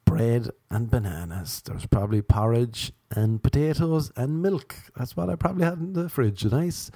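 An Irish man with a cold, hosting a podcast and telling a rambling comic story with sarcastic, deadpan asides. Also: medium pitch, normal speed, no room sound, studio quality. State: sniffly with a cold.

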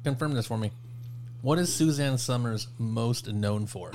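Male podcast co-host with a mid-pitch voice and an easygoing, profane way of telling stories. Faint room ambience. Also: a little slow, a little hiss or hum. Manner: relaxed storyteller, swears casually. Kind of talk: casual crude banter.

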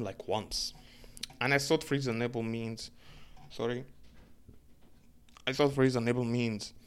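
A young man tells a story as an animated, profane rant. His pitch sits in the middle, and he keeps breaking off in exasperation as he argues his point. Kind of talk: casual ranting monologue.

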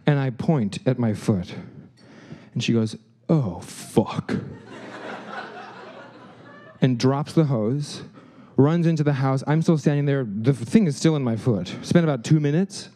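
A man telling a personal story in an animated way, acting out the people in it. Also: normal speed. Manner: animated, acts out quotes with shifting pitch.

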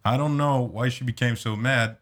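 A man hosting a casual podcast chat, reading dark jokes aloud, laughing and swearing freely. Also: medium pitch, fairly even intonation, moderate pace. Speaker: podcast host.

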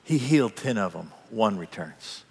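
Animated preaching man, husky, in a reverberant hall. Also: fairly low pitch, moderate pace. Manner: dramatic, animated preaching that acts out the scene. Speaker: pastor. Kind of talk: sermon.

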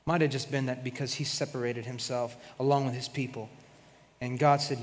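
A man preaching a sermon as pastor, retelling a story with lively acted-out voices. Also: medium pitch, fairly quick, in a large hall. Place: church sanctuary.

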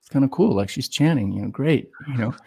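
A man from Los Angeles, a podcast guest telling a personal story in a lively conversational way, full of "like" and "you know" fillers and acted-out quotes. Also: mid-range voice, fast, gravelly, breathy edge. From Los Angeles, USA. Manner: animated, acts out quoted voices, heavy "like" and "you know" fillers.

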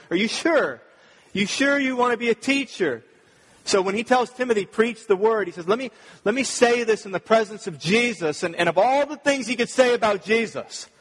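Preaching with earnest emphasis, the same kind of pastor leans on repeated key phrases for weight, his voice high and fairly bright in tone. The recording makes him sound husky and is washed in long hall reverb.

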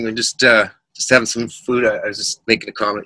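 A middle-aged man, a musician guest, telling lively anecdotes in casual chat and acting out the voices of people in them. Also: medium pitch, fairly quick, no echo. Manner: animated anecdotes with quoted voices.

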